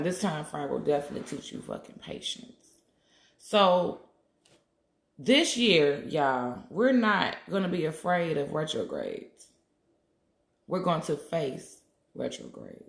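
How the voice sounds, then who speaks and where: A woman's voice: low-pitched, creaky. A woman hosting a casual livestream while she makes healing waist beads. She talks in a blunt, profane, chatty way and reads out comments from viewers. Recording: roomy echo.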